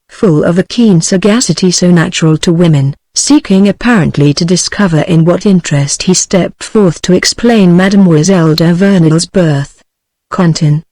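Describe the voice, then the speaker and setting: A woman's voice: fairly low pitch, dry recording. British text-to-speech woman reading a novel. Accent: British English. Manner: even synthetic reading, same voice for all characters. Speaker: audiobook narrator.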